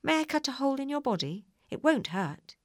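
A woman's voice: sits high, sing-song, brisk, no echo, voice pushed up. Woman reader doing a kindly, apologetic storybook wizard; dry close sound.

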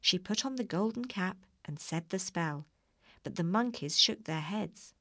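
Calm woman reading a storybook. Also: on the low side, a little slow, no room sound, clean studio sound. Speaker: narrator.

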